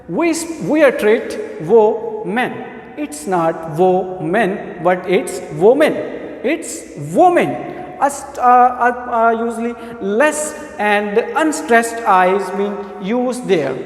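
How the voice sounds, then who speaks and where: A male teacher with a Punjabi accent walks through sounds one at a time, repeating each example word. His voice sits high and his delivery is slow and patient. The recording has a roomy echo with a long hall-like tail. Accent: Punjabi-accented English. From Pakistan. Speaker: English teacher. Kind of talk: spoken pronunciation lesson. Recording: echoey room with long reverb.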